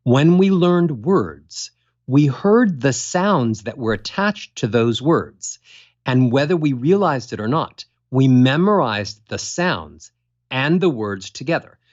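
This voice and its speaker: A man's voice: mid-range voice, lively intonation, slow, lo-fi sound. A man speaking as a voice coach guest in an interview, demonstrating voices and melodies as he explains. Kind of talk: animated interview talk.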